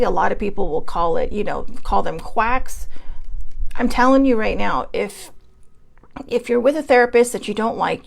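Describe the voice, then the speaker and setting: A woman's voice: a little high, vocal fry. A woman hosting a casual livestream, chatting in a rambling, self-deprecating way from home. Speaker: host.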